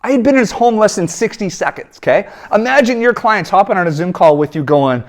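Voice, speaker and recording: A man in his thirties, a business coach, telling a sales story in an energetic coaching talk and acting out the people in it. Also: high voice, fairly quick. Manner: animated storytelling, acts out quoted voices.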